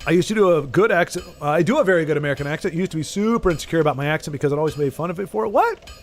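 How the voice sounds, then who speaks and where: His voice fairly high and racing, a Texan man with a Southern US accent talks casually to viewers while he streams a game. He rambles, breaking off mid-thought and beginning his sentences again.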